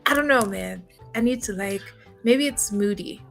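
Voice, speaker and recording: A woman's voice: mid-range voice, moderate pace, vocal fry, a bit bright, soft background music. A woman co-hosting a developer livestream in casual chat, playful and jokey. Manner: playful, jokey, makes up little jingles.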